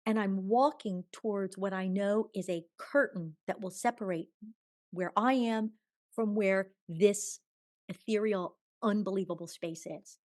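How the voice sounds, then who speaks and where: A woman guest telling a personal spiritual story in long, tumbling sentences, swinging from hushed murmurs to bright exclamations. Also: mid-range voice, unhurried, no echo, studio quality. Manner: chatty, tumbling run-on sentences. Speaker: podcast guest.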